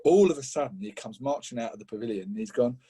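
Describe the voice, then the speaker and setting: A middle-aged Englishman guests on a podcast, telling an animated story in casual conversation. He laughs a lot and acts out what others said, lifting his pitch for the quotes. He talks quickly with a breathy edge.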